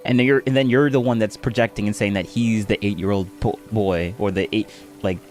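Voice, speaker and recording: Mocking low-voiced male streamer. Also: fairly even intonation, fairly quick, a little mellow, faint music behind. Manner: mocking, laughing, heated. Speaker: streamer reacting to clips. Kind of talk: casual reaction commentary.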